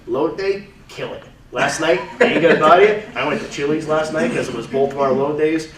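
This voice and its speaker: Talking briskly with a fairly high voice, a man in his thirties shares a casual testimonial with a group, repeating and restarting words along the way. The recording sounds roomy and far away, with faint noise.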